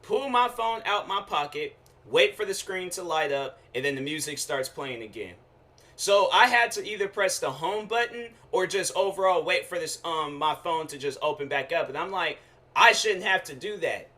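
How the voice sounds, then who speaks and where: Young guy ranting casually on his show, kinda high bright voice, slangy, acts out what people said. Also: normal speed. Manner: casual slangy rant, animated quoted asides. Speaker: show host. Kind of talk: casual storytelling rant.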